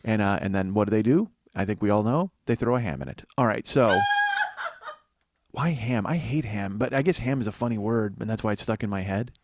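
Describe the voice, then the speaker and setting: Brisk and low-pitched, this podcast host delivers a comedic monologue, a long rambling story that's profane and self-deprecating. The recording is very noisy.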